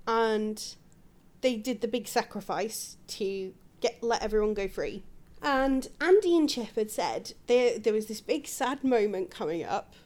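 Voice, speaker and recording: A woman's voice: mid-range voice, animated, measured pace, darkish tone. A woman telling a story in casual chat, giggling often as a podcast co-host.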